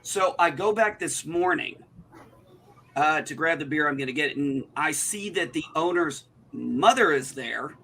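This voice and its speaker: A man's voice: a little high, expressive, measured pace, pushed and bright, slight background noise. A man, telling an indignant, profane story in casual chat on a livestream. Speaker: livestream co-host.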